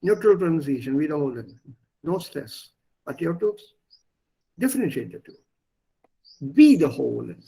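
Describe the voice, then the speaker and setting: A man's voice: fairly high pitch, expressive, moderate pace, long pauses, mellow, slightly rough, poor audio. A man teaching German in an online class, explaining patiently and repeating words and stresses for his learners. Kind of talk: online language lesson.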